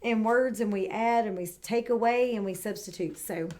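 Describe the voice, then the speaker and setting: A woman teaching kindergarten and reading a picture book aloud, who models words clearly and praises the children warmly. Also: medium pitch, normal speed. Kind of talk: read-aloud lesson for young children. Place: home, indoors.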